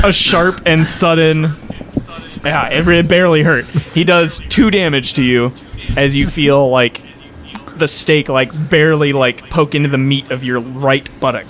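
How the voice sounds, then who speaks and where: A man's voice: on the high side, steady tone, a little slow, noisy background. A man working as dungeon master, narrating a tabletop game in a loose, rambling way full of fillers.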